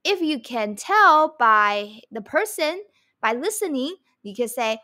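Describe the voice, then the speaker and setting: A woman with a high, bright voice gives a language lesson. She speaks slowly and deliberately, repeating each example so learners can follow. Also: very animated. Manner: slow, repeating phrases for learners; mixes English explanation with Mandarin examples. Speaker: Mandarin teacher.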